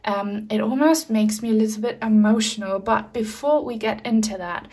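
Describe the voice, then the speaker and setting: A woman reads tarot cards for an unseen audience. Her voice sits at an ordinary middle pitch, soft and comforting, with the easy pauses and fillers of unscripted talk. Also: husky. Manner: soft, gentle and reassuring, with fillers. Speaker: tarot reader. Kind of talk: pick-a-card tarot reading.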